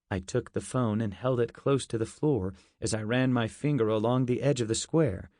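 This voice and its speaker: A man's voice: medium pitch, normal speed, few pauses, darkish tone, dry recording. Male audiobook narrator, dry studio sound. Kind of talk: first-person scripted narration.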